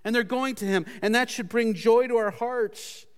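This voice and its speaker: A man preaching a sermon earnestly, his pitch and loudness swinging as he repeats words for emphasis. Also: moderate pace, smooth, long reverb tail. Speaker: pastor.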